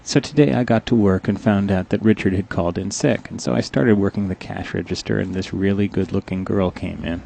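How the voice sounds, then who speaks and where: A young man narrating a comic story in a deadpan, dryly complaining way, telling it as a coffee shop cashier. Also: low-pitched, fairly quick, vocal fry, hardly any pauses, slight background noise.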